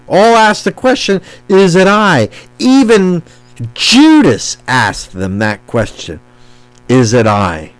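A man's voice: mid-range voice, low-quality recording. A middle-aged man preaching a sermon, reading scripture aloud and stressing it with emphasis. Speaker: pastor.

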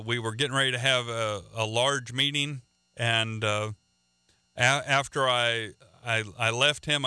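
Earnest radio preacher man, crisp voice. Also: mid-range voice, pushed and bright, dry recording. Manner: earnest, repeats words and restarts often. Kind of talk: radio sermon.

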